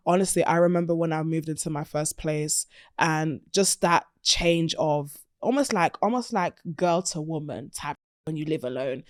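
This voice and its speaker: A woman hosting a podcast interview in an upbeat, playful manner full of slang and shout-outs. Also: low-pitched, moderate pace, dry recording, studio quality. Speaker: podcast host. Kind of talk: lively interview chat.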